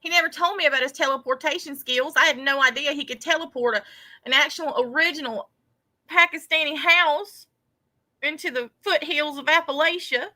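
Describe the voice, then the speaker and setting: High-pitched woman, super sarcastic, fake-sad and theatrical, very bright sharp tone. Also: brisk. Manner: exaggerated, theatrical, Southern-flavored phrasing. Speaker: commentary creator. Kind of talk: sarcastic mock-lament monologue.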